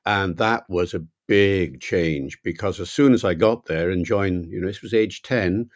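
An older man from Wales, a linguist guest in an interview, telling anecdotes in a reflective, measured way. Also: low voice, dry recording, studio quality. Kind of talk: relaxed interview storytelling.

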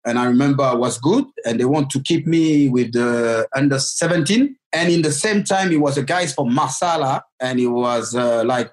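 A man's voice: mid-range voice, poor audio. Man telling a story. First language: French. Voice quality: halting, with many restarts and fillers. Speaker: guest telling his life story. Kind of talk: casual storytelling.

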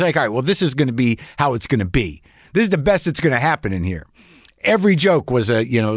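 Animated, self-mocking man hosting a podcast. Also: fairly high pitch, no room sound, clean studio sound. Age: middle-aged. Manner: animated, self-mocking, acts out quoted voices. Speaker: podcast host. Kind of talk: rambling comedic monologue.

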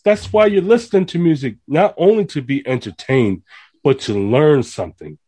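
Animated male radio host. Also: a little high, moderate pace. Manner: animated, preachy rants with rising emphasis. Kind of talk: casual radio interview.

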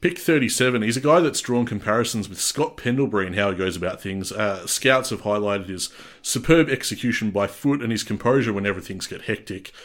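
A man's voice: lowish voice, brisk, fairly bright tone. An Australian man co-hosting a casual sports podcast, chatty and reading out player details with frequent restarts. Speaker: podcast co-host.

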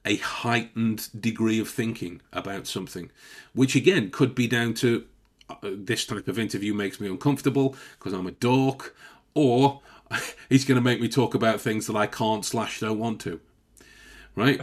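A man's voice: lowish voice, moderate pace. A man chatting casually, with a loose and profane delivery and frequent laughs. He explains body language to a co-host in an unscripted, conversational way. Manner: chatty, swears, laughs often. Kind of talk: casual chat.

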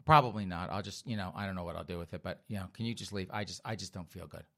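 A man's voice: low voice, quick pace, gravelly, a bit bright, pitched below the performer's own voice. A man voicing a whiny, entitled young adult daughter in a comedy bit. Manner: whiny, petulant.

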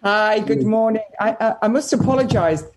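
Talkative woman, breathy tone, video call guest. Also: fairly high pitch, normal speed. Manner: animated, talkative storytelling. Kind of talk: casual interview chat.

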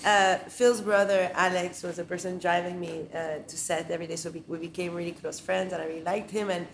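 Woman, animated, laughing asides, restaurant echo. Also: lowish voice, brisk, creaky. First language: French. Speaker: director. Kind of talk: casual group chat. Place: restaurant on location. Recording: roomy restaurant echo, faint hum.

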